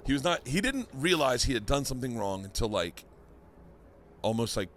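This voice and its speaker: A middle-aged man, a comedian, telling a story on a podcast in a casual, animated way, swearing freely and acting out what others said. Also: mid-range voice, moderate pace, slight background noise. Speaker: comedian guest.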